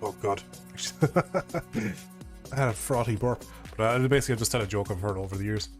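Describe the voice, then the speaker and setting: Young Irish man, casual streamer, lower voice, loose and swearing, faint music behind. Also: a little fast. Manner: rambling, swears casually, laughs often. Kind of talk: casual live-stream chat. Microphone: desk microphone.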